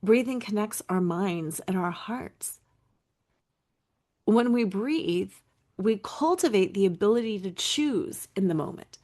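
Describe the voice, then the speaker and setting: A woman's voice: mid-range voice, animated, takes it slowly, darkish tone. A middle-aged woman hosting a solo podcast as a recovery coach, talking in an earnest, emphatic way and repeating key phrases.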